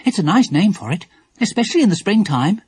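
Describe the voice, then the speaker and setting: A man voicing a calm, sensible mother who talks briskly and reassuringly in a storybook. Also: high-pitched, husky, no room sound, pitched above the performer's own voice, full character voice.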